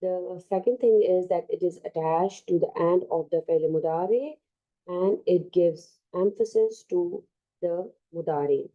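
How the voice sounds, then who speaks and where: A woman with a South Asian English accent teaching an online Arabic grammar lesson, explaining slowly with many fillers and restarts. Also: lowish voice, narrow, tinny audio.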